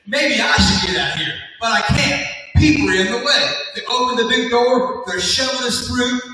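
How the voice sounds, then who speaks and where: A middle-aged man, a motivational speaker telling a comic story at a school assembly, animated and jokey as he addresses the audience. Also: extremely high pitch, normal speed, faint music behind. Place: large school hall. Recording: echoey hall from far off.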